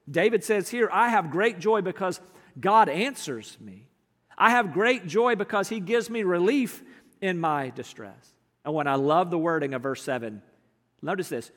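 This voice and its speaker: High-voiced man preaching in a hall. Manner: earnest preaching, shifting between emphatic and hushed. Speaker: pastor. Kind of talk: sermon.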